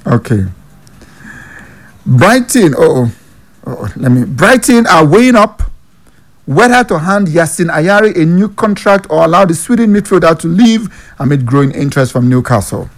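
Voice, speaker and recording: A man's voice: on the high side, expressive, moderate pace. A Nigerian man hosting a casual football news vlog, reading headlines aloud, then joking about them in Pidgin with frequent chuckles. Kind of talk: casual sports news commentary.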